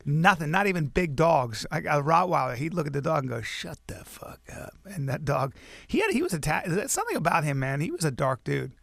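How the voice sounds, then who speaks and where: Male comedian guest, gravelly, lively storyteller, swears freely, dry mic. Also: on the high side, fairly quick, no echo. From American. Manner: animated storyteller, swearing freely, drops into gruff impressions. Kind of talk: casual interview chat.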